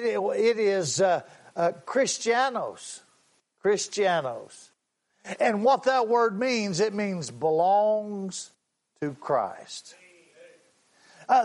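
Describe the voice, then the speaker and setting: A man preaches a sermon in a high voice. He takes his time, leaning on single words and repeating them for weight. Now and then he calls out to his listeners. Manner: repeats key words slowly for emphasis, with preacher's call-outs.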